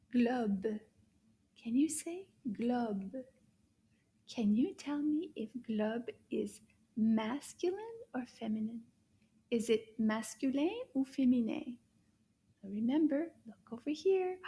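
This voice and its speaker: A woman leads a children's language lesson, taking her time and drawing out each phrase so little ones can follow. Her voice is soft and mellow and sits a little high, and she often drops to a near-whisper. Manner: gentle, encouraging, exaggerated slow repetition of phrases. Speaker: French teacher for children. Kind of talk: slow, clear children's language lesson with puppet.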